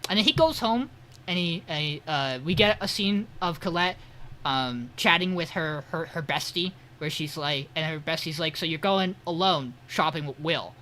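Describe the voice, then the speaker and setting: A man co-hosting a podcast, casually recapping an episode with animated storytelling and swearing, over a remote call. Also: fairly high pitch, moderate pace, slight background noise. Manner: animated retelling, swears, quotes characters. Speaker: podcast co-host.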